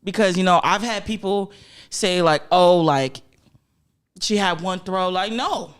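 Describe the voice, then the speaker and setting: A young woman, a guest athlete, telling lively stories in a casual interview, laughing often and acting out what others said. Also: on the low side, unhurried, clear, resonant tone. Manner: animated storyteller, laughs often, acts out quotes.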